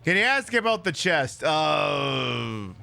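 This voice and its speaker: A man with a high, bright voice chats through a game stream. He swings his pitch widely and keeps a sarcastic, cursing edge throughout. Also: takes it slowly, vocal fry, faint music behind. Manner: sarcastic, profane and animated. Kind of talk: casual live-stream chat.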